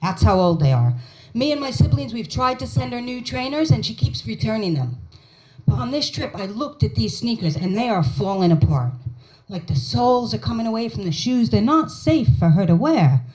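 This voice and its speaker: A woman's voice: fairly high pitch, sing-song, normal speed, darkish tone, lo-fi sound. An American woman in her forties performing a stand-up comedy set at a small pub comedy night, telling stories and acting out her mother's lines. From United States.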